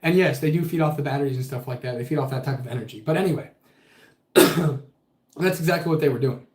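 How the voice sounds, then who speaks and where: A man's voice: a little high, a little fast. A man casually telling a spooky story with lots of swearing. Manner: profane, animated storytelling. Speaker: podcast guest telling a ghost story. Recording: echoey room.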